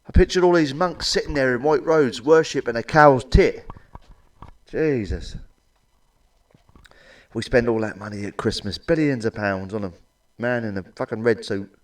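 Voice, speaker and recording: A middle-aged man telling crude stand-up one-liners. His delivery is blunt and deadpan, at an ordinary pitch, with a lot of swearing between the punchlines. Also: moderate pace, pauses often, distant mic. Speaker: stand-up comedian.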